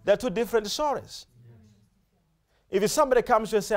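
A male preacher delivers an emphatic, repetitive sermon, often pausing to put questions to his congregation. His voice sits high and moves fairly quickly. He repeats words and phrases with an animated rise and fall.

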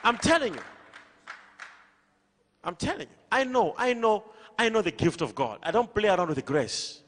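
Male preacher, high bright voice, forceful call-and-response delivery, in a big echoing church hall. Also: sing-song, normal speed, a faint crowd, slight background noise. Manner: emphatic, repetitive, rising to shouts.

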